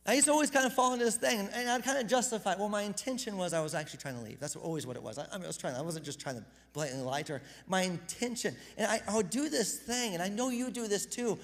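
Guy preaching in a big echoey hall, high voice, chatty and worked up, keeps repeating himself. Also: racing, few pauses. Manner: energetic, self-deprecating, repeats words when excited. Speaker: pastor. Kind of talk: casual conversational sermon. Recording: reverberant hall.

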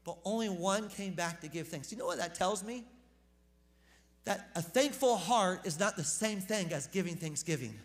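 A man preaching a casual, conversational sermon as pastor, joking with the congregation and repeating words when he gets excited. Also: high-pitched, normal speed. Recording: long hall reverb.

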